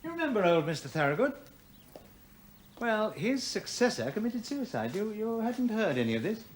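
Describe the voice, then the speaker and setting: A coolly ironic university official who probes with measured, dry insinuation. His pitch moves in lively swings. A faint hiss runs underneath. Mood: probing. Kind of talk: 1980s television drama.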